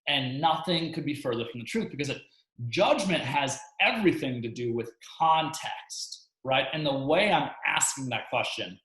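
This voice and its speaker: A relaxed man explaining sales conversations in a casual coaching webinar, mid-pitched, with fillers and easy laughs. The room around him is echoey. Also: normal speed. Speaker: real estate coach co-hosting a webinar.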